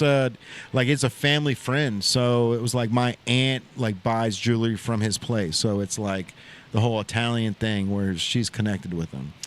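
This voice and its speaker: A man hosting a podcast, telling a long casual story in a rambling way, full of "like" and "bro", recorded in an open shop. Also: medium pitch. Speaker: podcast host. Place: open shop at a riverside shopping center.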